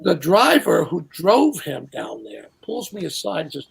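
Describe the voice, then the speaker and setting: An older man telling casual anecdotes as a guest, animated and acting out the people he quotes. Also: on the high side, a little slow, creaky, slightly rough. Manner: animated storyteller who acts out quotes. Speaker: guest storyteller.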